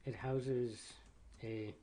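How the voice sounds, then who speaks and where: A man's voice: medium pitch, steady tone, extremely slow, mellow, a little hiss or hum. A man playing a text adventure game, thinking aloud in a casual way as he reads the story text out. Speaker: player reading the game aloud. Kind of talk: casual gameplay commentary.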